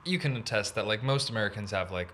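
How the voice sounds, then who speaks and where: American guy cohosting a podcast, chatty, keeps saying like, pitch all over the place. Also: quick pace, a little hiss or hum. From east coast of the US. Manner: animated storytelling, lots of "like". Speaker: podcast co-host. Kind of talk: casual chat.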